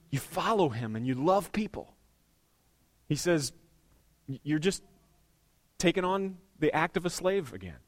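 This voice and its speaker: High-voiced man preaching casually. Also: no room sound, clean studio sound. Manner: conversational preaching, joking asides, slowing for emphasis. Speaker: pastor. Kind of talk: sermon.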